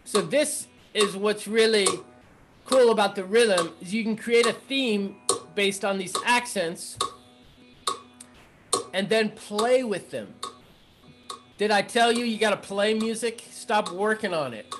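A man teaching rhythm in a casual music lesson, chanting rhythm syllables between relaxed explanations. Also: sits high, slow pace, pauses often. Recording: noisy recording with clicks.

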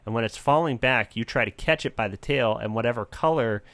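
A man co-hosting a casual podcast chat, explaining things in a rambling, animated way. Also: medium pitch, a little fast, no room sound. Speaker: podcast co-host.

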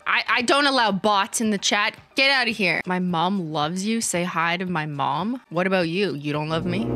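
A woman's voice: mid-range voice, fairly bright tone. A woman in her thirties hosting a livestream, roasting viewers' work with sarcastic, teasing remarks and frequent laughter. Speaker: nail art YouTuber and livestream host.

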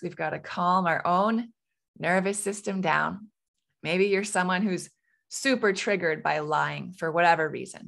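A woman's voice: lowish voice, gravelly, fairly bright tone. A woman in her thirties hosting a parenting podcast, giving advice in a conversational coaching way with frequent "right?" asides. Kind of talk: solo podcast advice talk.

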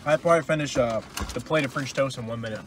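A man's voice: mid-range voice, fast talker, slight background noise. A young man co-hosting a casual food review while eating inside a parked car, blunt and teasing. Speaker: podcast co-host doing a food review.

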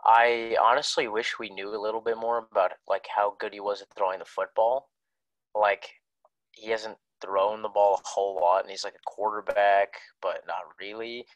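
A man's voice: lowish voice, little pitch movement, moderate pace, no room sound, muffled recording. A young man co-hosting a casual sports podcast, laid-back and jokey, rambling a little. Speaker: podcast co-host.

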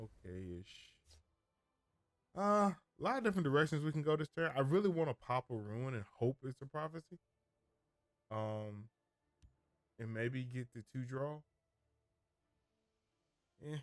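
A man's voice: mid-range voice, animated, slow, pauses often, no echo. A man giving casual gameplay commentary as a streamer, thinking aloud, rambling and often correcting himself mid-sentence.

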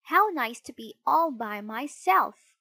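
Storybook puppet boy, bratty and shouty, high and lively, played by a woman. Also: a little slow, dry recording. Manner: bratty, loud outbursts. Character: mischievous rude boy puppet, impulsive.

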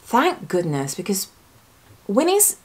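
A woman talking casually as a YouTuber reacting to a trailer, chatty and excitable, thinking aloud and correcting herself as she goes. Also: mid-range voice, slow pace, slightly rough. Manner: speculative fan talk, often self-correcting.

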